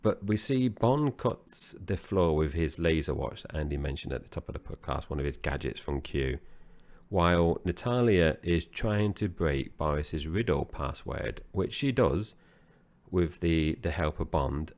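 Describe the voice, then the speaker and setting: Man with a very deep voice recapping. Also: unhurried. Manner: relaxed plot recapping, loose restarts. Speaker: podcast co-host. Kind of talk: casual movie review chat.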